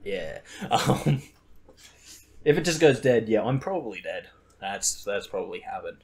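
A man's voice: lowish voice, very animated, unhurried, a little mellow. A young man hosting a podcast in casual chat, rambling and laughing at his own stories. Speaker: podcast host.

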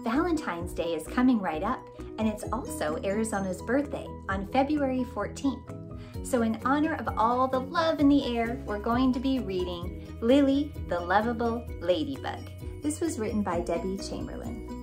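A woman, a children's author and librarian, reading a storybook aloud in a warm, expressive storytelling voice. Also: on the high side, normal speed, music in the background.

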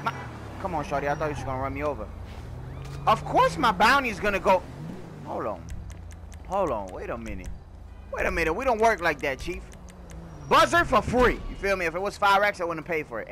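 A man giving loud, animated, slang-filled commentary while playing a video game, swearing often. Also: sits high, background noise. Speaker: gaming YouTuber. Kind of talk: casual gameplay commentary.

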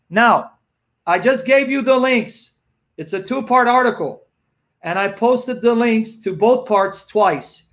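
A man speaking as a guest apologist on a livestream, teaching emphatically and slowing down to repeat key phrases. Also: very high voice, fairly bright tone.

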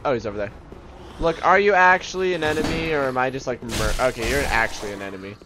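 A man's voice: mid-range voice, fast talker, music in the background, low-quality recording. A man casually commentating a video game, joking and talking to the enemies on screen. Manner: jokey, talks to game enemies in silly voices. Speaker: gameplay commentator. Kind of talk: let's play commentary.

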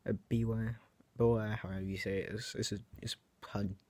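With a lowish, a little mellow voice and a flat, brisk delivery, this young vlogger chats casually to his viewers; there is no echo. He rambles hesitantly, restarts sentences often, and pokes fun at himself in a self-mocking manner.

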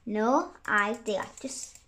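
A young girl talks her way through a game in a high, bouncy voice. She giggles a lot and keeps saying sorry, and her speech is slow and unhurried. Keyboard typing and clicks can be heard behind her. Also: lively intonation, bright, forceful tone. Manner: chatty, giggly, apologetic. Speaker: gaming YouTuber. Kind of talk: casual gameplay commentary.

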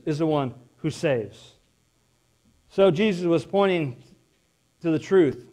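Guy pastor preaching, pretty high voice, chatty and emphatic, lots of rhetorical questions. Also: normal speed, a little mellow. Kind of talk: sermon.

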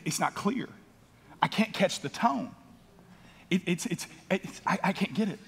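A man preaching a sermon as a pastor, swinging from loud emphatic bursts to low quiet passages and repeating words as he builds a point. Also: husky. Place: church auditorium. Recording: long hall reverb.

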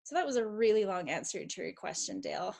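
A woman's voice: medium pitch, sing-song, fast, creaky, slight background noise. A woman from the United States in her thirties, a mom and teacher, speaking in an enthusiastic, heartfelt way as an interview guest. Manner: enthusiastic, warm-hearted, speaks directly to kids. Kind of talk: casual interview chat.

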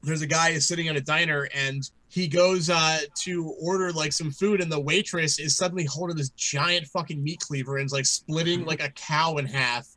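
A man co-hosting a podcast in casual chat, animated and profane, rambling through stories. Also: fairly high pitch, moderate pace, few pauses, no echo. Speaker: podcast co-host.

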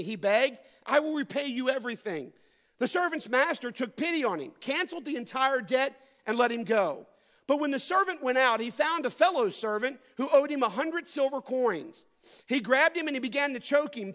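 An American pastor delivers a sermon in a church sanctuary. His voice sits very high for a man. He builds to emphatic peaks, then sinks to a quiet hush to drive a point home. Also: expressive, a little fast. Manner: preaching with rising emphasis and dramatic drops to a hush.

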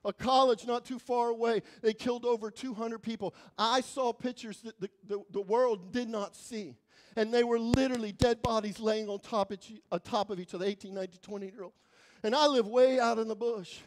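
A man preaching as a guest speaker in church, telling stories dramatically, swinging from loud to hushed. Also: very high-pitched, fairly even intonation, brisk. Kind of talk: sermon storytelling.

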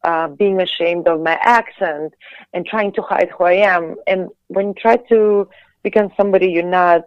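A woman from Latvia, a singer and actress, talking casually as an interview guest in quick bursts full of restarts and fillers. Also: lowish voice, steady tone, dry recording. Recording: dull, dry lo-fi audio.

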